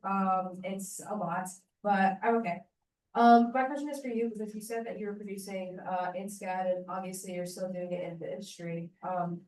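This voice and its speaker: A woman's voice: medium pitch, a little mellow. A young woman student producer asking a question at a panel, hesitant with many fillers. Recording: echoey, far from the mic, faint noise.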